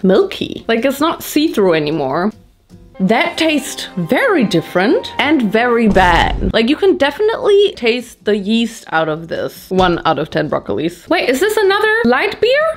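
A young woman from Germany doing a casual, playful taste-test vlog with dramatic reactions. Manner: dramatic, playful, quick jumps in pitch. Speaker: vlogger.

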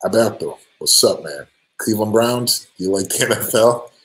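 Deep-voiced man answering fans, hesitant. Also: moderate pace, rough recording. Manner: relaxed, hesitant, many ums and restarts; friendly, thanks each fan by name. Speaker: band singer answering fan questions. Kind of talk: live stream Q&A.

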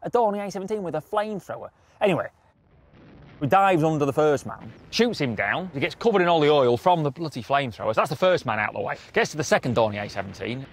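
A man's voice: fairly high pitch, lively intonation, fast talker. A middle-aged man, telling stories to camera in a blunt, casual way, swearing and laughing as he goes. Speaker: documentary presenter.

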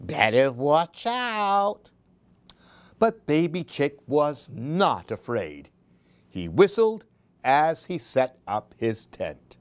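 A woman reading storybooks aloud to young children, very slow and sing-song. Her pitch rises and falls widely to keep them listening. The recording is close and dry. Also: very animated, a little mellow, dry recording.

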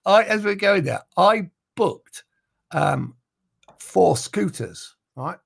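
A British racing driver telling lively stories in a podcast interview. His voice is gravelly and a little husky, pitched fairly high for a man. It swings widely up and down as he tells the stories. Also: takes it slowly. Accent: British English. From Britain. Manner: animated anecdotes, swears casually.

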